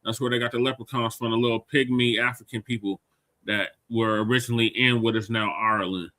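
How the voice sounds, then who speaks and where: A man co-hosts a live-stream debate, blunt and mocking as he argues back. His tone is sharp and forceful, with a dry, close sound. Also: mid-range voice, steady tone, fairly quick, no room sound. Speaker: co-host.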